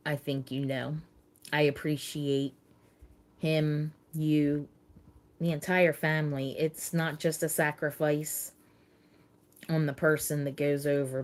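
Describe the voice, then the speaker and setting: Middle-aged woman, livestream host; low-ish voice, very slow, halting and heartfelt. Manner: halting, repeats words, emotional. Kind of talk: casual chat with live viewers.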